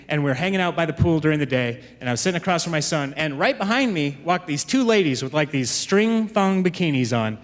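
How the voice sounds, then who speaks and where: A man doing stand-up comedy, teasing the crowd in a conversational way, on stage. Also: sits high. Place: live comedy venue. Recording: live stage with hall reverb and audience noise.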